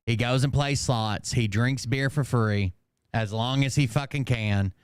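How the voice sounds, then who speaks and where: A man's voice: medium pitch, unhurried, clean tone, no echo, studio quality. A man giving sarcastic reaction commentary with crude, mocking jokes.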